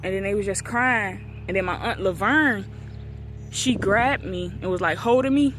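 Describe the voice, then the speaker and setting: A woman in her twenties tells a painful memory in a casual, unscripted way, recorded outdoors near a street. Her voice sits at a middle pitch. She slips into the voices of the people she quotes. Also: moderate pace, a bit bright, soft background music. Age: 20s. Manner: emotional, acts out quoted dialogue. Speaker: vlogger. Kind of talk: casual storytelling.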